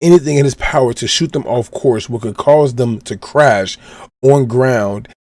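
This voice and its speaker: This Chicago podcast host walks through a comic chapter one step at a time in a relaxed way, reading out what the characters say. He speaks at a normal speed in a mid-range, slightly mellow voice, and the recording is dry.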